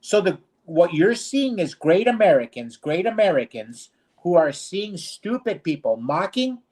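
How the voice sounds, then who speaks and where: A man's voice: high voice, big pitch swings, unhurried, darkish tone, slightly rough. A man co-hosting a streamed talk show, ranting bluntly and indignantly in casual discussion. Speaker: co-host.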